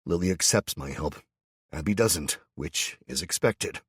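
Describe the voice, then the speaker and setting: A man's voice: low voice, expressive, unhurried, breathy edge, no room sound, studio quality. A middle-aged man narrating an audiobook in first person with tense, dramatic storytelling.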